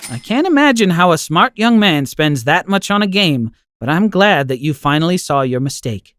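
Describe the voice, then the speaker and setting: A woman's voice: fairly low pitch, sing-song, normal speed, dry recording, voice pushed up. A text-to-speech narrator voicing a kind, forgiving grandmother who speaks affectionately. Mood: gentle.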